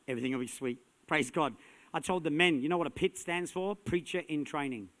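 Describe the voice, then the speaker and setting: A man preaching a sermon as a pastor, energetic and punchy, building to loud emphatic peaks. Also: on the high side, a little fast. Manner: energetic, punchy, rising to shouts.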